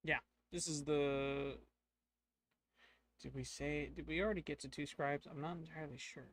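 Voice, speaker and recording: A man's voice: a little high, steady tone, normal speed, no room sound. A man narrating a solo tabletop game, thinking aloud with hesitations and filler words.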